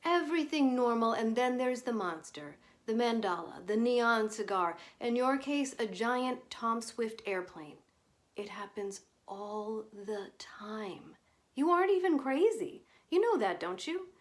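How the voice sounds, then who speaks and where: A woman's voice: a little high, animated, a little slow, pitched above the performer's own voice. Woman putting on a glib, sardonic male journalist. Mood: teasing. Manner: breezy, lecturing, sardonic. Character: glib wisecracking male journalist, cynical debunker.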